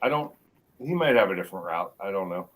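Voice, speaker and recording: A man's voice: low voice, expressive, crowd noise, poor audio. Rambling middle-aged American man. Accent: mixed American. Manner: rambling, halting restarts. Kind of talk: casual chat.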